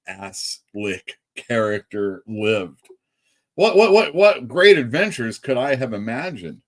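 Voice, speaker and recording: Laid back guy running his comic shop stream, chatting and laughing, reading the chat out loud. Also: fairly low pitch. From California. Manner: chatty, reads out chat comments, laughs often. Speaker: comic shop owner hosting a live stream. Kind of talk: casual live-stream chat.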